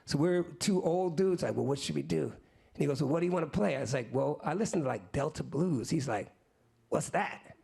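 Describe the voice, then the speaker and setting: A man's voice: fairly high pitch, fairly quick, creaky, slightly rough. A man in his fifties, a musician, telling a story on stage to an audience in casual, slangy talk, acting out what other people said in the conversations he recounts. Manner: animated, acts out other people's lines in quotes. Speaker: musician guest.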